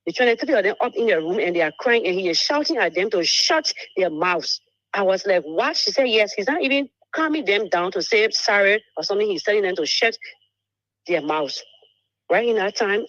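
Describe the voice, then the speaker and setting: A woman, telling a painful personal story on a talk show, halting and repeating words. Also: medium pitch, fairly bright tone, dry recording. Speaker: guest telling her story. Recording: muffled dry broadcast audio.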